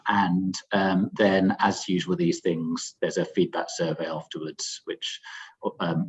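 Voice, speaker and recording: A man hosting a webinar, giving housekeeping notes in a halting way full of ums and uhs, over a video call. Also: deep voice, husky. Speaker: webinar host. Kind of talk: housekeeping announcements. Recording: dull lo-fi video call audio.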